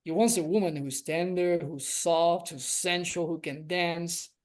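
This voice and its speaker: An unhurried man with a somewhat high, steady voice speaks as a relationship coach on a podcast. His talk is reflective and conversational, and he is earnest throughout, stretching out key words for emphasis.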